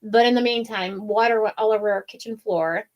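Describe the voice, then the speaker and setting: A woman's voice: medium pitch, fairly even intonation, brisk, darkish tone. A woman co-hosting a craft show, chatting casually and telling a long, rambling story with plenty of fillers. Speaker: wreath-making show co-host. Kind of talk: casual chat.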